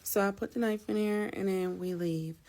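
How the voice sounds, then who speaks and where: A woman's voice: medium pitch, steady tone, moderate pace, warm tone. A woman telling a casual storytime straight to her listeners, chatty and blunt, swearing freely.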